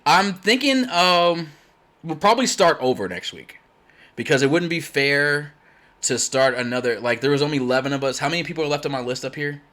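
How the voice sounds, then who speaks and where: A man born in Germany, a native German speaker, hosting a game tournament in casual chat, blunt and loud when excited. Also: on the high side, a little fast. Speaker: tournament host.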